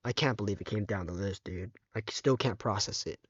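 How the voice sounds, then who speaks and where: A teenage boy talking haltingly in a casual vlog, close to tears, with many fillers and restarts, on a dull, muffled microphone. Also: on the low side, slightly rough, no room sound. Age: teens. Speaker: vlogger.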